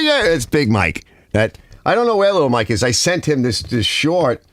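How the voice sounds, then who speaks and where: A man's voice: medium pitch, sing-song, a little slow, no room sound. A man with a Northern US accent hosting a casual garage livestream, rambling and reading viewer comments aloud.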